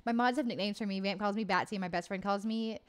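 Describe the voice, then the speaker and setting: A woman's voice: mid-range voice, quick pace. A woman hosting a livestream, chatting casually and reading live comments, bubbly, swearing freely and laughing often. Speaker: livestream host.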